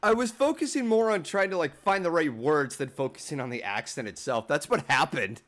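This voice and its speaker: A man's voice: a little high, expressive, brisk, fairly bright tone. A young man streaming games in casual chat, swearing at the game and mocking himself.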